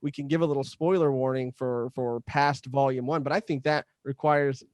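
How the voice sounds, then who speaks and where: A man's voice: medium pitch, steady tone, moderate pace, no echo, studio quality. A man hosting a podcast over a video call, laid-back and chatty as he steers the conversation. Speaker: podcast host. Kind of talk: casual chat.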